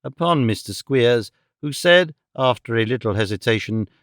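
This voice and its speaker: A man's voice: mid-range voice, lively intonation, fairly bright tone, dry recording. Man narrating a classic novel, dry and close. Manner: measured, formal storytelling delivery. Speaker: audiobook narrator.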